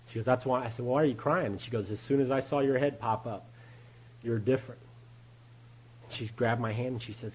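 A man's voice: medium pitch, a little fast, pauses often, a little mellow, a little hiss or hum, low-quality recording. A man speaking at a recovery meeting, giving a candid personal testimony, storytelling and chuckling often.

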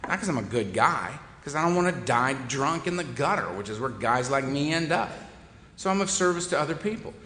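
A man's voice: medium pitch, animated, a little fast, pushed and bright, slight background noise. A man giving a humorous recovery talk, wry and self-deprecating, to a meeting hall. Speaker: recovery speaker. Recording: echoey hall with long reverb.

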